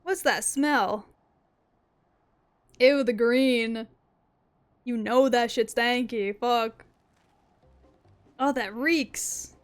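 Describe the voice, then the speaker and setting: A young woman streaming a game, chatting casually, excitable and playful, swearing often. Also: on the high side, very slow, long pauses. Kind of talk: casual gaming commentary.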